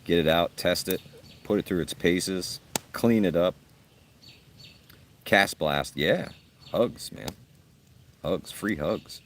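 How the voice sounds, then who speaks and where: A man hosting a casual outdoor livestream at a campsite, reading out viewer comments with a gruff, blunt, joking manner. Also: deep voice, animated, slow pace, pauses often, fairly bright tone, a little hiss or hum. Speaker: livestream host.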